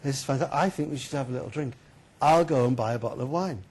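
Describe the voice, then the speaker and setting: A man's voice: medium pitch, quick pace, a little mellow, slightly rough, natural voice. A man voicing a cheerful, naive young medieval man with an easygoing, breezy manner. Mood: elated.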